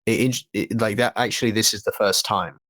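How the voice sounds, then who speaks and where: A man's voice: lowish voice, a little fast, a bit bright, dry recording. A young man rambling through casual podcast chat, with many restarts and fillers. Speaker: podcast co-host.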